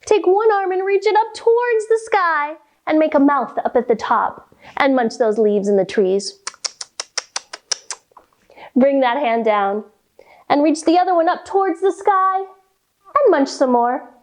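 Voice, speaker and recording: A woman leads a children's yoga class in a high, very lively voice. She speaks slowly and plays along with animal sounds and rhymes. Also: a little hiss or hum. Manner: playful, sing-song, makes animal sounds. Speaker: kids yoga teacher. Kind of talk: guided kids yoga lesson.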